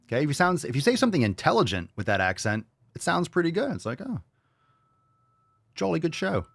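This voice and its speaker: A man's voice: a little high, huge pitch swings, very fast, a bit bright, no echo. A man hosting a podcast, reacting to clips with crude, combative, profanity-laced rants. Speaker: podcast host.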